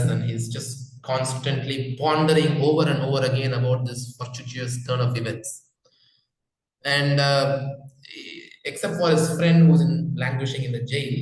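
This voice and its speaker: A man, a spiritual teacher telling a story in a relaxed, conversational way with many fillers. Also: medium pitch. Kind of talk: storytelling talk. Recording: very echoey room.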